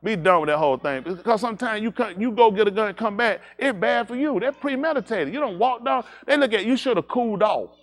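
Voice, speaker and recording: A man with a high voice that swings widely up and down, telling a loose, laughing anecdote at a congregation's livestream. He circles back on himself, repeats "I said" again and again, then turns preachy and warns young people directly. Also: fast, few pauses. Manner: animated, repeats "I said", laughs through the story. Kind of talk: anecdotal storytelling with a moral.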